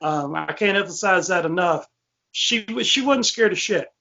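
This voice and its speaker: A podcast host tells a ghost story in casual, rambling fashion, full of fillers and restarts. His high voice is animated, bright and forceful, with vocal fry and a moderate pace. The audio is muffled, lo-fi podcast sound.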